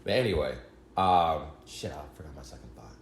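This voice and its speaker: A man's voice: very deep voice, fairly quick, a little hiss or hum. A man co-hosting a casual podcast, talking in loose slang with plenty of swearing. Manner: expressive, slangy, swears a lot. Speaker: podcast co-host. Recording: roomy echo.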